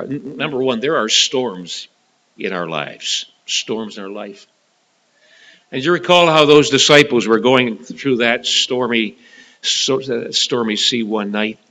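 A man preaching a sermon, dramatic, swinging from loud to hushed and often repeating and restarting words. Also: medium pitch, poor audio.

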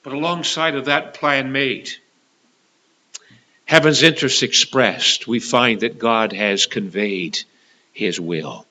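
A man preaching a sermon with passion, rising to loud, high peaks and dropping to hushed, slow lows. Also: low-quality recording. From Canada.

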